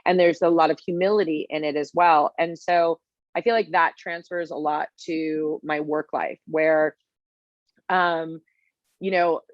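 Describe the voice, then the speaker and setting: A guest chef in her forties tells animated stories in a casual interview, full of fillers. Her voice is deep and a little slow, and the recording is dry with dull audio.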